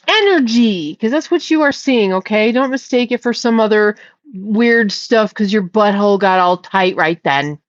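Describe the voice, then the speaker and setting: A woman's voice: mid-range voice, animated, a little slow, no room sound, lo-fi sound. A woman hosting a casual livestream, rambling and joking with viewers, swearing freely. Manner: profane, rambling, jokey. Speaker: livestream host.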